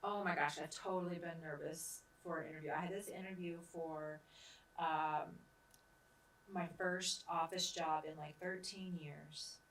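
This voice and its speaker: A woman's voice: sits low, measured pace, recorded from a distance, slight background noise. Laughing storyteller woman in an echoey room. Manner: lively, laughs often while telling stories. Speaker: host interviewing herself. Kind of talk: casual anecdotal storytelling. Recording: echoey room, voice a bit off-mic.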